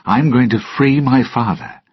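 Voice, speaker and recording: A man reading a storybook, voicing a determined young sailor in a firm, defiant, husky voice raised above his own. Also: medium pitch, a little slow, no room sound, pitched above the performer's own voice. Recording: dull lo-fi recording.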